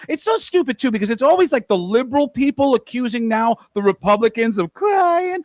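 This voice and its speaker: A man's voice: very high voice, very animated, brisk, hardly any pauses, no room sound. A man co-hosting a podcast, ranting emphatically with lots of profanity. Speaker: podcast co-host. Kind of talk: heated casual podcast rant.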